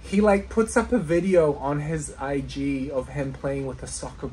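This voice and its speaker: A woman vlogger chatting casually, enthusiastic and excitable, giggling often. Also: sits low, normal speed, slight background noise. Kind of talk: casual vlog chat.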